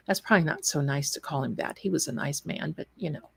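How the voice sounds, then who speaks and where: A woman from Tennessee, telling a story in a lively, laughing way on a live stream. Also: sits low, fairly quick, creaky, breathy edge. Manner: animated, laughing, quotes others in put-on voices. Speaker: storyteller guest.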